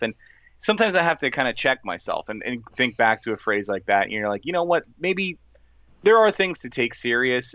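A man's voice: medium pitch, bright, forceful tone, dry recording, lo-fi sound. A man co-hosting a podcast in casual chat, speaking in a thoughtful, reflective, easygoing way. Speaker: podcast co-host.

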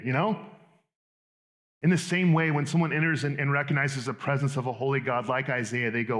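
A man preaching a sermon in a conversational, animated way with quick asides. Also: mid-range voice. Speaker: pastor.

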